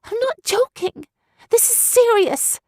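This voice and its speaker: A woman reading an audiobook, voicing a headstrong young human girl raised among griffins, with high, strained, intense outbursts. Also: lively intonation, slow pace, a little mellow, dry recording, studio quality, heavily acted. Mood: pleading.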